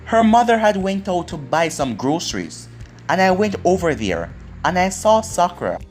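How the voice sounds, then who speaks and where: A reader doing a young woman in a homemade audio story who is consumed by guilt. Her lines come out pleading and distressed, with a lively, moving pitch. Faint music sits underneath. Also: moderate pace, natural voice.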